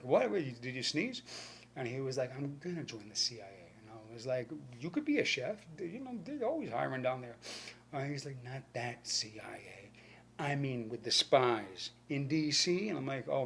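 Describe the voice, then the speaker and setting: A man from New York with a New York accent, telling a rambling, profane stand-up story and acting out the voices with sudden whispers and shouts. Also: mid-range voice, vocal fry, a little hiss or hum. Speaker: stand-up comedian.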